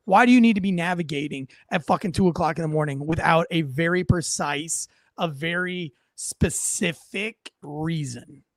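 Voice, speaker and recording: A man who was a police officer, giving blunt, profane, animated commentary on footage. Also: high-pitched, dry recording. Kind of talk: casual reaction commentary.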